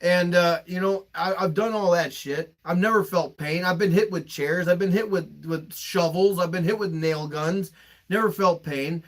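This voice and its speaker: A man's voice: sits high, moderate pace. A young man hosting a podcast, telling personal stories in an emotional, emphatic way and swearing freely. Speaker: podcast host. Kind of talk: candid podcast storytelling.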